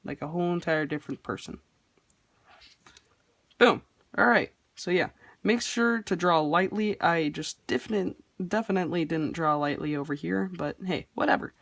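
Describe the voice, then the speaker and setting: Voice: mid-range voice, normal speed, gravelly, a bit bright, dry recording. A person hosting a casual drawing tutorial, talking in a rambling, offhand and self-deprecating way while sketching. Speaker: art tutorial host.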